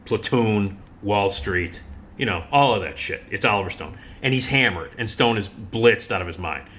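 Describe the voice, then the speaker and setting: A man's voice: lowish voice, moderate pace, slight background noise. A middle-aged man tells personal stories casually, swearing freely and laughing along the way. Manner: animated, profane, laughs while telling stories. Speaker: radio host. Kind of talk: casual storytelling monologue.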